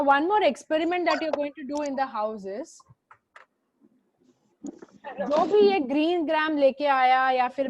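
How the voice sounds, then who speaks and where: Against background noise, a woman teacher with a high voice and an Indian English accent conducts an online class by video call. Repeating her instructions, she switches to Hindi and scolds students by name.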